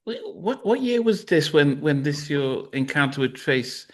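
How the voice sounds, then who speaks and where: A man hosting a casual interview, relaxed and checking dates and details. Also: a little high, measured pace. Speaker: interview host.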